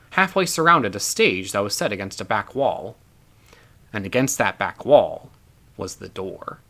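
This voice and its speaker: A man reading his own novel aloud in an expressive first-person narration. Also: mid-range voice. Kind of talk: audiobook narration.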